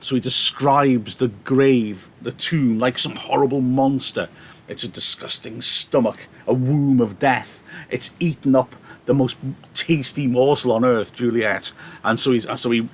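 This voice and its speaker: A male teacher talks through a play in a live online lesson, turning old verse into everyday speech. His voice sits at a middle pitch, picked up by a laptop microphone. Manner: explains in casual modern paraphrase.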